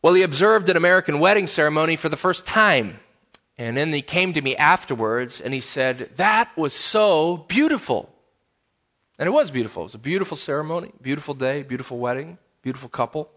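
A man's voice: mid-range voice, pushed and bright. A man, a pastor, preaching a sermon in a conversational way, repeating key phrases for emphasis.

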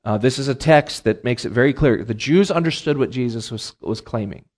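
A man's voice: medium pitch, fairly quick, darkish tone. A middle-aged man teaching a Bible class in a lecture, who explains terms plainly and repeats his key phrases, with many ums and uhs.

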